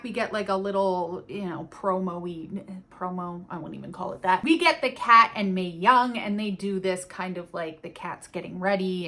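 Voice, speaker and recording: A woman's voice: mid-range voice, fairly bright tone. A woman chatting casually and enthusiastically as she reviews a wrestling event, with the odd casual swear.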